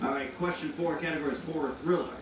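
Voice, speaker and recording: A man's voice: fairly high pitch, fairly even intonation, racing. A man in a casual reaction chat, joking in a dry way. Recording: echoey room, distant mic, crowd noise.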